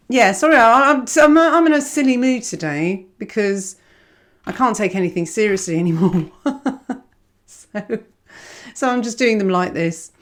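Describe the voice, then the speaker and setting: A woman giving a casual astrology reading, rambling and self-mocking. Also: a little high. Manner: rambling, digressive, self-mocking, laughs often.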